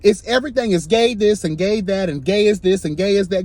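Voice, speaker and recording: A man giving an impassioned, sassy commentary rant, swinging between soft asides and loud emphatic outbursts. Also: high voice, brisk, no echo.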